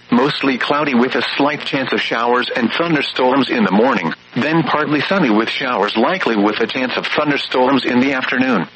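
A man's voice: mid-range voice, fairly bright tone, poor audio. A synthetic male voice giving an automated weather radio readout, listing readings and forecasts in clipped, evenly paced phrases.

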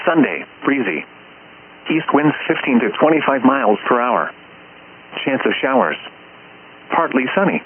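A man's voice reading an automated weather report in short, clipped, even phrases. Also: mid-range voice. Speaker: weather broadcast voice. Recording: tinny radio broadcast with faint hiss.

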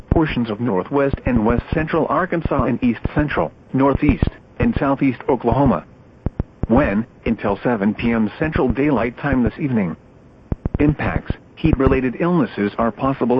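A computer-generated male voice reading a weather broadcast in clipped, evenly spaced phrases, each chopped apart from the next. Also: mid-range voice. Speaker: weather radio announcer. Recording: dull lo-fi radio with loud static.

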